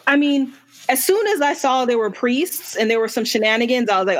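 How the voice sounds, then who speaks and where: A woman's voice: medium pitch, a little fast. A woman co-hosting a book podcast, chatting casually with exasperated rants and self-deprecating asides. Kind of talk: casual chat.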